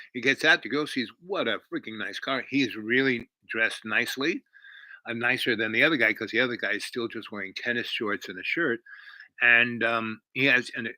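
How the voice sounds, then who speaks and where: A man's voice: medium pitch, sharp tone, no echo, low-quality recording. A man casually retelling a story, rambling with many fillers and restarts. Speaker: host.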